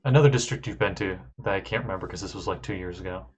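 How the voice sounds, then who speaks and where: A man's voice: sits low, racing, slight background noise. A man narrating as game master, hesitant, with many ums and restarts.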